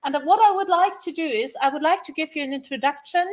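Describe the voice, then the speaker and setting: A woman's voice: high voice, fast talker. A woman neurologist with a German accent, giving a training lecture in a study centre room and stressing points by repeating words. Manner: emphatic, repeats "very, very".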